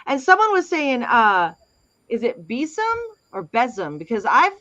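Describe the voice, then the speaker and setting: Woman, bubbly, giggly, chatty, bright tone, slightly muffled lo-fi audio. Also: a little high, sing-song, moderate pace, no echo. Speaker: co-host. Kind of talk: casual chat.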